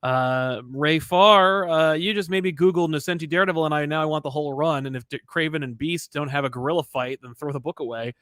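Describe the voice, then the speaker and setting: A man co-hosts a casual comic-book chat, reading out viewer messages and breaking into quick acted-out lines. His voice sits a little high for a man and is recorded dry and close in a small studio. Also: no echo. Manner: animated, acts out characters in quick asides, many restarts. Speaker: co-host reading viewer super chats. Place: rented studio.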